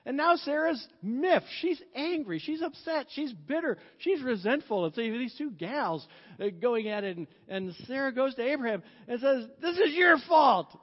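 A man preaching a sermon as pastor, storytelling in a chatty way, laughing often and softening when reflective. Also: very high-pitched, lively intonation, moderate pace. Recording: dull sound with long hall reverb.

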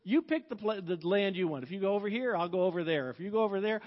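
A man voicing an anxious, scheming old patriarch in a sermon, excited and quick to bargain. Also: high-pitched. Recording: dull sound with long hall reverb.

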